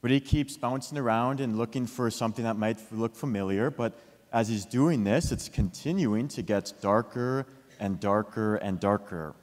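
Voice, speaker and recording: A man telling a children's story with a lesson, lively and asking his listeners questions. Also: on the low side, moderate pace. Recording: long hall reverb.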